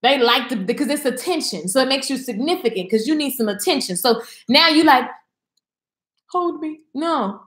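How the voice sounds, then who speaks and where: A woman's voice: high voice, lively intonation, a little fast, a bit bright. A woman hosting a casual live-stream chat, blunt and sassy, talking in a no-nonsense way. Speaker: host of a live video chat. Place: indoors at home. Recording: echoey room.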